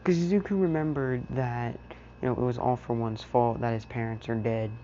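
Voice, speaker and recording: A man casually narrating an improvised fan story, rambling and filling every pause with "you know". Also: mid-range voice, steady tone, warm tone, highs cut off, a little hiss or hum.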